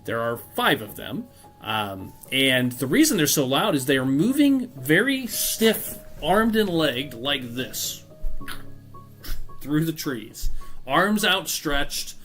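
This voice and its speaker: A man runs a tabletop game, rambling through his descriptions with plenty of fillers and restarts. His voice is bright and forceful, and faint music sits in the background. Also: fairly high pitch, big pitch swings, takes it slowly. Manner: rambling, full of fillers and self-corrections. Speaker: game master.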